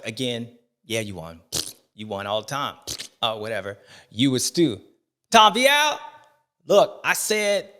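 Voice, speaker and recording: Casual male show host, slangy and animated, bright edge to the voice. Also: mid-range voice. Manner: animated, slangy, with dramatic outbursts. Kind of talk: casual commentary.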